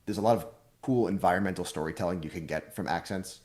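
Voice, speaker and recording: Very low voiced guy on a podcast, calm, picks apart the details. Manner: analytical, measured, explains at length. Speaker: podcast co-host. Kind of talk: casual chat.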